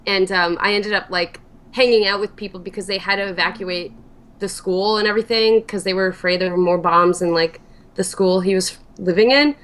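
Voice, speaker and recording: A woman's voice: medium pitch, steady tone, fairly quick, fairly bright tone. A young woman from New Jersey, a guest streamer, rambling chattily with fillers and swearing. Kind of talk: casual interview chat.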